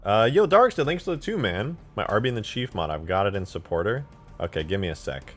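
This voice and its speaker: A man live-streaming, chatting casually and excitedly with his viewers while eating and reacting to videos. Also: low-pitched, fast, faint music behind. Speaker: livestreamer reacting to game mod videos.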